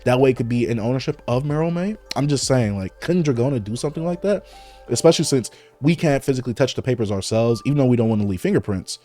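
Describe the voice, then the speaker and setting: A man hosting a casual live read-along, thinking aloud and jumping excitedly into speculation. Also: mid-range voice, quick pace, faint music behind. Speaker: host reading comics aloud.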